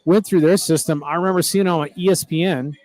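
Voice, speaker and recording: A man's voice: fairly high pitch, fairly even intonation, quick pace, a little mellow, no echo. A middle-aged man, calling a baseball game in a folksy, chatty, rambling way. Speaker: play-by-play announcer. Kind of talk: baseball commentary.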